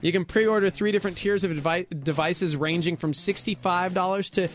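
A man's voice: high-pitched, fairly quick, faint music behind. A man co-hosting a radio morning show, giggly and laughing often. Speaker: radio co-host.

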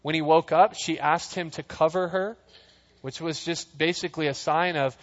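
A man's voice: fairly high pitch, steady tone, normal speed. A man preaching a casual sermon, reading scripture and joking through the story in a chatty way, sometimes acting out the voices. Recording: dull sound, long hall reverb.

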